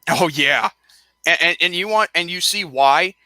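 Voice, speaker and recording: A man's voice: sits high, unhurried, pushed and bright, no room sound. A young man hosting a casual live-stream chat, rambling and tripping over his words as he repeats himself while he rants.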